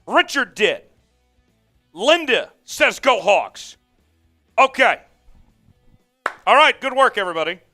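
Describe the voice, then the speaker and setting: A man's voice: extremely high pitch, very animated, slow pace, long pauses, bright, forceful tone, soft background music. A man hosting a live sports watch-along stream, fired up, calling the plays and reading out viewer comments. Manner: amped, hyped, calls plays and reads chat. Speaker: host.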